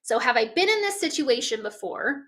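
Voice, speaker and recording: Woman, high voice, bright tone, motivational workshop presenter, coaching style. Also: very animated, moderate pace. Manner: coaching, guides listeners through exercises.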